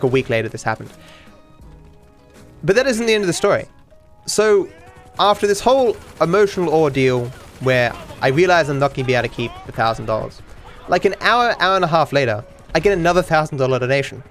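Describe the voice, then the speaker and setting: A man's voice: fairly high pitch, sing-song, fairly quick, fairly bright tone. A man with a slightly raised voice talks casually as a podcast host. He rambles, stumbles over his words and starts sentences again. He swears loosely, and faint music plays behind him. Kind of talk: casual storytelling monologue.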